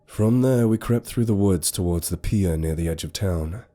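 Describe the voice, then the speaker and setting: Deep-voiced man narrating horror. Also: normal speed, mellow. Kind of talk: scripted first-person horror narration. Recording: faint music behind.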